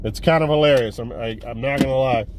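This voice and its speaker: A medium-pitched man talks fast in a casual movie haul review, rambling and swearing as he retells a plot with animated energy. He's a movie collector vlogger, and the recording carries a little hiss or hum.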